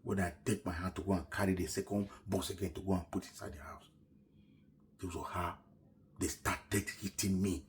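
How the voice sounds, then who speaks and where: A middle-aged man telling his own story in an earnest, emotional way, often dropping to a hushed voice. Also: sits low, flat delivery, normal speed, a little hiss or hum. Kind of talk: personal story told to camera.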